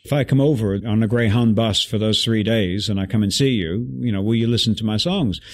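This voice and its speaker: A man guest telling an animated story in an interview, acting out the voices of people he quotes. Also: fairly low pitch, brisk.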